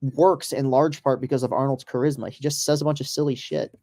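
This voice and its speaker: A man's voice: medium pitch, fairly even intonation, fairly quick, darkish tone. A man hosting a casual podcast, chatting loosely over a live baseball game with profane, rambling asides. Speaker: podcast host.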